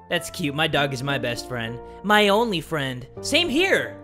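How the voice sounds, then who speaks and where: A young man hosting a game video with loud, jokey, animated commentary. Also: a little high, measured pace, few pauses. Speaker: gaming video host. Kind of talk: energetic let's-play commentary. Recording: music playing behind.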